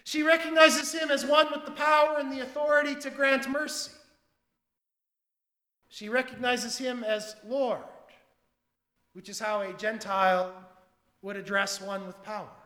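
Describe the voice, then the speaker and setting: Man, pastor, sermon, high pitch, unhurried, loud-to-hushed swings, echoey room. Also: little pitch movement. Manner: dramatic swings between loud emphasis and hushed asides.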